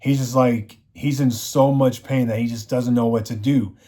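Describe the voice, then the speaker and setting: A man's voice: mid-range voice, fairly even intonation, normal speed, warm tone. A man reviewing a TV show, recapping the plot in a rambling, casual way, full of "you know" fillers.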